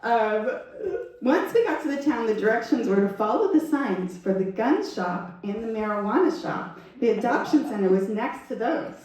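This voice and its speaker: A woman's voice: on the high side, normal speed, far from the mic. Woman telling a story in an echoey hall. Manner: animated storyteller, acts out quotes with laughter. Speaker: guest speaker. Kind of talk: storytelling talk at a Sunday service.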